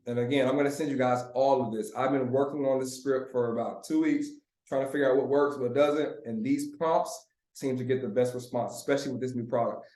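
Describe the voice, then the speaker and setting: A man leading a live online sales training, coaching his group in a lively, chatty way and often laughing. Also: medium pitch, roomy sound.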